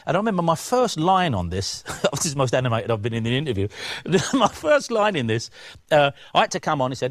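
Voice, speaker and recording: Male interview guest, lively storyteller who does the voices, wide pitch swings, dry studio. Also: fairly quick, no room sound. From England. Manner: acts out voices in his stories, lively and chatty. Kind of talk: animated anecdotal storytelling.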